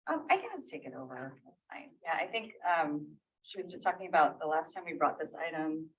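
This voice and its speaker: A woman's voice: low-pitched, expressive, fairly quick. Woman presenting at a distant, muffled mic. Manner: casual, self-correcting, laughs off slips. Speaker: library staff presenter. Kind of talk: public meeting presentation. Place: meeting room. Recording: distant, dull lo-fi meeting audio.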